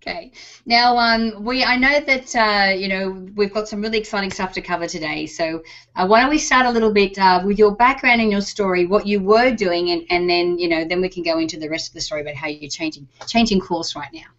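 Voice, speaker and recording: A woman's voice: mid-range voice, a little fast, a bit bright. A woman with a Texas accent hosting an interview, friendly and chatty with lots of fillers. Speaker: host. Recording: dull lo-fi sound.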